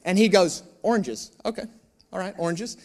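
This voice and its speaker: A man's voice: sits high, normal speed. A man preaching a sermon, telling a personal story and acting out the dialogue with humor, asking the audience questions. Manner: animated storyteller, acts out dialogue; joking, addresses audience with questions.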